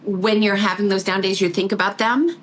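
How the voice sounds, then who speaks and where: Middle-aged woman, podcast guest, lively and laughing, light background noise. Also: medium pitch, a little fast, low-quality recording. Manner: laughing, animated storytelling with quoted voices. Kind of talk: casual chat.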